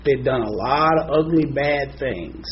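Man, preacher, animated storytelling, slightly dull recording, faint hiss. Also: unhurried. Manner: animated storyteller, voices soft and low for quoted lines. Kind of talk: sermon with storytelling.

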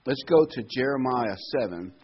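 A man's voice: medium pitch, animated, moderate pace, slightly rough, lo-fi sound. A man delivering a sermon, reading Bible verses aloud and then explaining them in plain everyday words. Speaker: preacher.

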